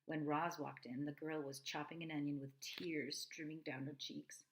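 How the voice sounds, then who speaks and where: A woman reading a children's novel aloud, expressive, with asides to her listeners. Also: low-pitched, normal speed, a little hiss or hum, poor audio. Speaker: reader.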